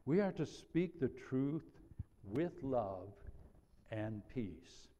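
A middle-aged male pastor preaching a sermon in a measured way, slowing down to read scripture. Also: mid-range voice, expressive, dark tone. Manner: measured, slows down on scripture quotes. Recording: dull audio in a reverberant hall.

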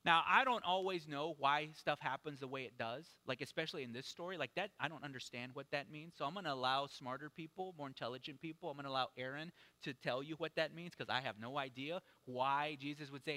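A man preaches a relaxed, chatty sermon in a church, checking in with his listeners again and again. His voice sits high and sounds very bright. A long reverb from the hall trails after his words. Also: moderate pace. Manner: conversational, many "like" and "right?". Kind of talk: casual sermon.

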